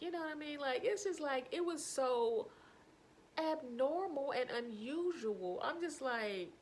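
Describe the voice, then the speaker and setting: Woman vlogger, casual anecdote style, expressive and high, light room noise. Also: unhurried. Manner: animated, laughing through anecdotes. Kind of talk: casual storytelling.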